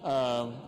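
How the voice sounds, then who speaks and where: A man's voice: medium pitch, gravelly, a little mellow. A male interviewer with a mid-range voice asks long, rambling questions, stumbling over and repeating his words. His voice rings with the long reverb of a stage hall. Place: on a stage before an audience.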